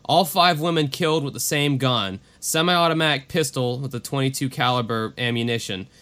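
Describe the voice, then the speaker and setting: A man's voice: mid-range voice, fairly quick, fairly bright tone. A man co-hosting a casual true-crime podcast, reading case notes and breaking off into profane, offhand asides. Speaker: podcast co-host.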